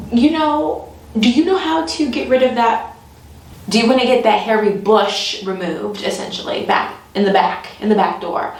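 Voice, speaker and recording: A woman tells a comic story in an animated way, laughing often and putting on the voices of the people she talks about. Her voice sits fairly high. She is heard from some distance in a very echoey room. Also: gravelly. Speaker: comedian. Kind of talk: storytelling comedy.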